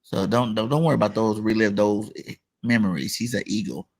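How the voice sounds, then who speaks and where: A man's voice: lowish voice, steady tone, brisk, vocal fry. A man hosting a casual football talk stream, hyped and playful, reading chat comments and debating a rival fan. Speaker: show host. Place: online live stream.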